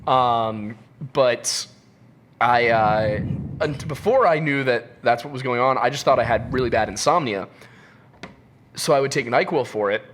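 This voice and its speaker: A man's voice: medium pitch, unhurried, noisy background. Wry, teasing podcast co-host man. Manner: wry, teasing, rambling with fillers. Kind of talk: casual chat.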